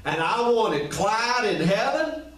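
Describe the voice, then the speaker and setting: Man preaching, high voice, colloquial, rhetorical questions, echoey room, far from the mic. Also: sing-song, takes it slowly, a bit bright. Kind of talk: informal sermon.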